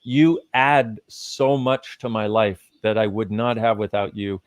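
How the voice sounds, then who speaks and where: Leading a live, conversational teaching session, an emphatic male guest speaker with a lowish voice speaks a little slowly with fairly even intonation. He cusses casually and runs through lists of ideas, recorded close and dry.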